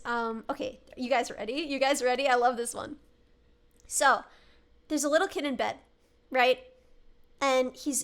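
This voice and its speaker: A sick young woman streamer with a high-pitched, fairly bright voice chats casually and tells a ghost story. Her manner is giggly and dramatic.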